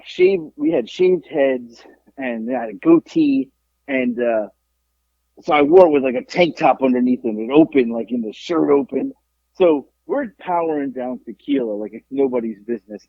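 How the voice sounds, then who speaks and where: A man with a gravelly, husky voice tells a wild story on a podcast. He swears freely and acts out the people in it. His pitch leaps all over the place, and the audio is dull and lo-fi but close and dry. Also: no echo. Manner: profane, animated, acts out the people in his stories. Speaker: podcast host. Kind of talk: casual storytelling chat.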